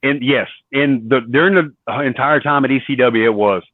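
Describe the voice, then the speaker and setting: A man spins long stories in an interview and slips into the voices of the people he quotes. His voice sits at a middle pitch. The sound is tinny and dry, like a phone line. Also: normal speed, no echo. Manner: animated storyteller acting out quoted dialogue. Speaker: guest, former wrestler. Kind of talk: storytelling interview.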